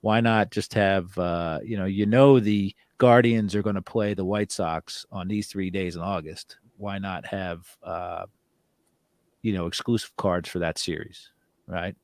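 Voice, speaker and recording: Low-voiced male podcast host. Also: steady tone, unhurried, darkish tone, dry recording. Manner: hedging with fillers, asks rhetorical questions. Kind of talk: casual sports and hobby chat.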